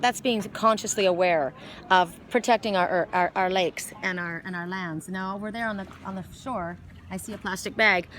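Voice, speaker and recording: A woman talks her way through an oracle card reading while standing outside by a lake in a wooded glen. She rambles and restarts her sentences often, her pitch sitting in an ordinary middle range. Faint outdoor noise runs behind her. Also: a bit bright. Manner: chatty, rambling, with many restarts. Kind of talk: casual spiritual reading vlog outdoors.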